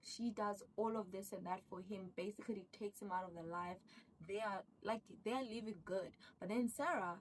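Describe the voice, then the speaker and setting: A woman casually retelling a drama's plot, excitable and rambling. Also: mid-range voice, moderate pace, far from the mic, slight background noise, low-quality recording. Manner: excitable, rambling, acts out characters' lines. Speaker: vlogger recapping a drama. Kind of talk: casual storytelling recap.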